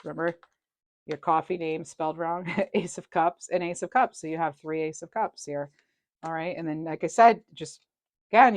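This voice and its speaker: A woman's voice: on the low side, gravelly, dry recording. Chatty woman doing a tarot reading. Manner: chatty, thinks aloud, laughs often. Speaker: tarot reader. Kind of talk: casual tarot reading to camera.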